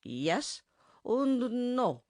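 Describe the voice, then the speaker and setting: A woman's voice: a little high, big pitch swings, extremely slow, darkish tone, no room sound, voice pushed up, exaggerated voice. A woman voicing a bossy, pompous middle-aged German bandmaster who speaks mangled English with a thick German accent, in a dry audiobook recording. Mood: blustering. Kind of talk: audiobook character voice.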